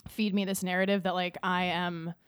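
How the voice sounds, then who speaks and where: Deep-voiced woman, hesitant and soft. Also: level tone, normal speed, clean tone, no echo, clean studio sound. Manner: hesitant, many fillers, trails off quietly. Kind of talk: casual podcast chat.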